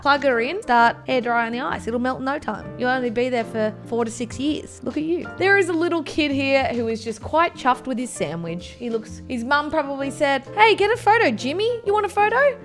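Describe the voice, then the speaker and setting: Playful Australian woman vlogger. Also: a little high. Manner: playful, sarcastic, laughs often. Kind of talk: comedic reaction commentary. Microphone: own mic.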